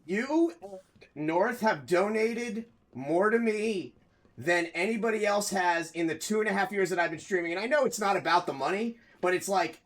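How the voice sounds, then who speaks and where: A man streaming a video game from home, chatting casually with viewers, excitable and swearing freely, breaking into loud outcries. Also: high voice, moderate pace. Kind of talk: casual live-stream chat.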